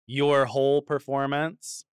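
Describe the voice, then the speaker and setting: A man hosting an interview, asking short prompting questions in an unhurried way. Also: mid-range voice, level tone, clear, resonant tone, dry recording, clean studio sound. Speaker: podcast host.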